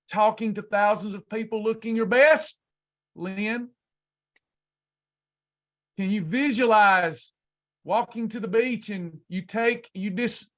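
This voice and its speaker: A man's voice: high voice, a bit bright. A man coaching a class on weight loss in an emphatic, preacher-like motivational speech full of rhetorical questions.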